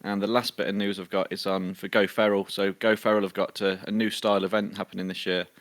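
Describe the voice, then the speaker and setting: A British man with a very deep voice works through a casual news roundup. His delivery is flat and even, plain and matter-of-fact, dotted with ums. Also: fast. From United Kingdom. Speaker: podcast co-host.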